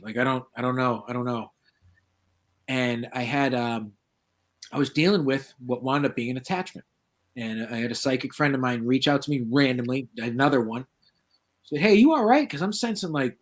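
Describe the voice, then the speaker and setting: A middle-aged man from the northeastern United States, a guest paranormal researcher telling stories casually and acting out the voices of the people he quotes. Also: mid-range voice. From southeastern Massachusetts, USA. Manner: lively, acts out quoted voices. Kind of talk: casual anecdotal storytelling.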